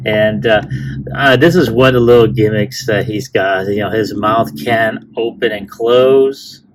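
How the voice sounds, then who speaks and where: A man's voice: lowish voice, slow pace, noisy background. A man hosting a casual toy unboxing review, rambling with fillers and restarts.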